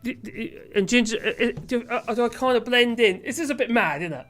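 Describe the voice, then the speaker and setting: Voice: medium pitch, brisk, a bit bright, faint music behind. A casual livestream host, who rambles, laughs often and swears freely while reading viewer comments. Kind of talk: casual live chat.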